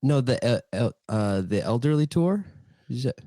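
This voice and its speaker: A man's voice: medium pitch, animated, normal speed, warm tone, dry recording, studio quality. A man guesting on a casual podcast, cracking jokes and playing along with goofy banter. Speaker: guest co-host.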